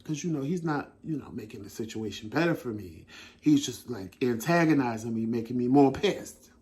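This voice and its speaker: A man hosting a talk show, telling a story in a casual, animated way and swearing freely. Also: mid-range voice, moderate pace. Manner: animated, swearing, laughing at himself. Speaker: host.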